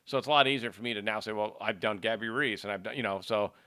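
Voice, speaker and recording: A man hosting a podcast, chatting casually with halting restarts and short affirmations. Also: fairly low pitch, bright, forceful tone, no room sound, clean studio sound. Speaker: podcast host. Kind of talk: casual interview chat.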